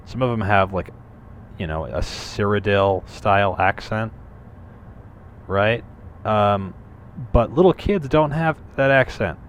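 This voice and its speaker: A man talks over his gameplay in a relaxed, rambling way, tossing in curses and jokey asides. His voice sits very low. A faint hiss runs under the recording. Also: slow pace. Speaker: gameplay commentator. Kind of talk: casual gameplay commentary.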